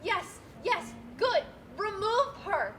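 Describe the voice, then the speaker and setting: A woman's voice: extremely high pitch, sing-song, slow, a bit bright, a little hiss or hum, full character voice. A woman playing a harried, stiffly formal female bank manager in a live stage play, recorded on a school stage. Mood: frantic. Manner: stiff, formal, increasingly exasperated. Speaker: stage actor.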